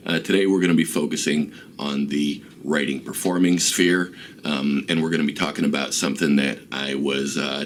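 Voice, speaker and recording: A man explains rap rhythm in a relaxed, casual lesson, often pausing with ums and uhs. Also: a bass voice, vocal fry, slight background noise. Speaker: rap teacher and host. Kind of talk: casual instructional talk.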